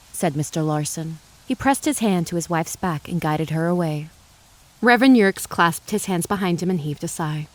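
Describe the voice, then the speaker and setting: A woman giving measured, dramatic audiobook narration of a western novel. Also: fairly low pitch, expressive. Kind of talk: scripted narration.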